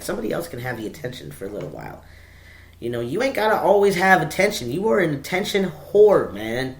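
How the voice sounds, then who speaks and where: A man's voice: medium pitch, a bit bright, a little hiss or hum. A man hosting a casual solo podcast from home, stoned and rambling, swearing freely and laughing at himself. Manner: rambling, profane, laughing asides. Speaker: podcast host. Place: at home with his dog.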